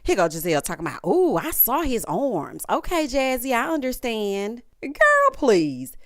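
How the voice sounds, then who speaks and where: Sassy animated woman recapping TV. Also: on the high side, normal speed. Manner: sassy, animated, mimics cast members in quoted voices. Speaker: recap commentator. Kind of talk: casual reality-show recap commentary.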